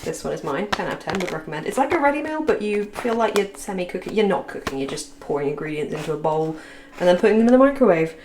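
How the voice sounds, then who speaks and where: Young woman vlogger, lively pitch, casual and self-deprecating, faint background noise. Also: fast talker. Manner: chatty, self-deprecating, filming as she walks around. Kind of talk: casual chat. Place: holiday cottage indoors.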